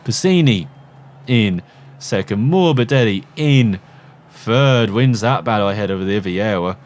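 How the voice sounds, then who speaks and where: A man commentating a motorbike racing video game, excitable on the racing, then rambling casually through the results. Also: fairly low pitch, measured pace. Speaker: gaming commentator. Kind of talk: mock race commentary over gameplay.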